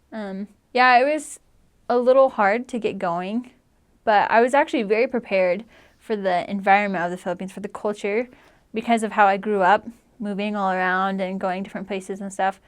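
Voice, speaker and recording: A woman with a clear, resonant, medium-pitched voice speaks at normal speed with fairly even intonation. In her twenties and from the United States, she recounts her time as a returned missionary in a chatty, casual manner, often emotional and constantly saying "like."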